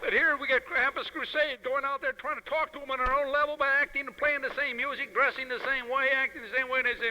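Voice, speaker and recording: A man with a high, piercing, very bright voice delivers a fiery lecture in an emphatic, preacherly style. The old 1971 recording carries the long reverb of a big hall. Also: steady tone, quick pace, few pauses. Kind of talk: impassioned political lecture.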